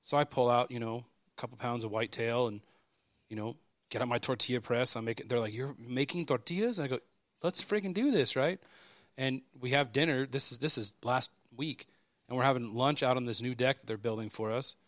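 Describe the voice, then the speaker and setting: Animated storytelling man, dry close mic. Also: mid-range voice, dry recording. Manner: animated, acts out dialogue in quick bursts. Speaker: podcast guest. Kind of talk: casual storytelling.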